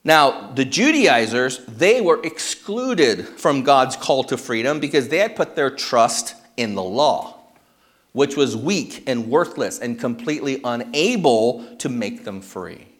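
A man's voice: medium pitch, sing-song, unhurried. A man preaching a sermon as pastor, teaching through a passage and often checking in with the congregation. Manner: checks in with the congregation with frequent "okay?". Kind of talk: expository sermon.

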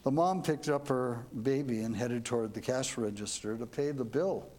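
A man's voice: mid-range voice, normal speed, a little mellow. A man telling a devotional story as a sermon, earnest and reflective, ending with questions to his listeners. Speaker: preacher.

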